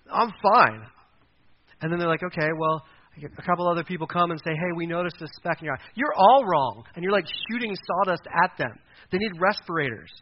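A man's voice: a little high, highs cut off, a little hiss or hum. A pastor preaching a sermon in a conversational way, acting out quoted voices as he goes.

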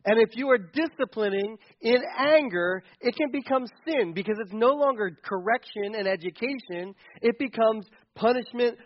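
A man's voice: sits high, dull audio. A middle-aged man preaching a sermon to a congregation, earnest and emphatic, repeating key phrases. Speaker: pastor.

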